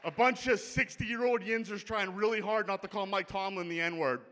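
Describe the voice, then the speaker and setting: A brash, foul-mouthed stand-up comedian with a thick Pittsburgh accent, working a comedy club crowd. His voice sits high and bright. He talks to the audience like he is chatting with friends. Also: moderate pace, slight background noise. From Pittsburgh, USA. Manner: brash, profane, conversational. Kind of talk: stand-up set.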